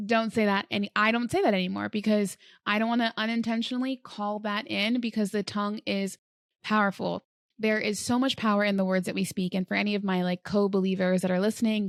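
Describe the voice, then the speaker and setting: A woman's voice: medium pitch, no echo, clean studio sound. A woman hosting a solo podcast, talking casually and earnestly about manifesting, with many filler words. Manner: chatty, frequent "like" fillers, earnest. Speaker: podcast host.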